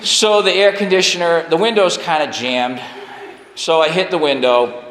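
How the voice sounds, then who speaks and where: A man in his forties sharing a personal story at a recovery meeting, animated and self-deprecating, laughing at himself often. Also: on the high side, moderate pace, a little hiss or hum. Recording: echoey hall with long reverb.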